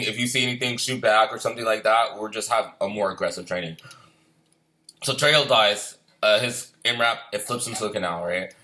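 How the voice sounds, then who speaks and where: A man's voice: mid-range voice, bright, forceful tone. A middle-aged man, a former Marine, telling a rambling, profane war story in casual talk. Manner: profane, rambling, repeats himself. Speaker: former Marine recounting deployment.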